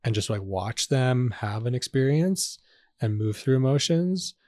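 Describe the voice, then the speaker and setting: A man, a psychotherapist, guiding a slow, soft meditation and then talking casually about his work with clients. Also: mid-range voice, animated, no room sound, studio quality. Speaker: psychotherapist guest.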